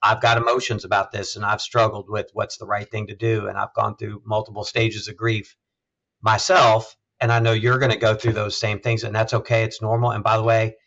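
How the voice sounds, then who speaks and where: A man's voice: on the low side, little pitch movement, gravelly, a bit bright, muffled recording. A man, a health system CEO, speaking thoughtfully as an interview guest, often restarting his sentences. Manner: thoughtful, measured, halting restarts. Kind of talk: conversational interview.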